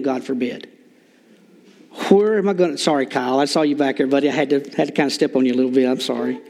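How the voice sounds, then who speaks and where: A man's voice: medium pitch, fast, creaky, a little mellow. An older man preaching an informal sermon in a church, folksy with joking asides and lots of fillers. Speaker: lay preacher.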